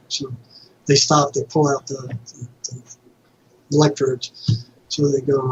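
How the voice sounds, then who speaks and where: A man's voice: medium pitch, little pitch movement, measured pace, pauses often, darkish tone, a little hiss or hum. A retired psychotherapist telling vivid anecdotes in a casual interview, acting out quoted voices as he goes. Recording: dull lo-fi audio.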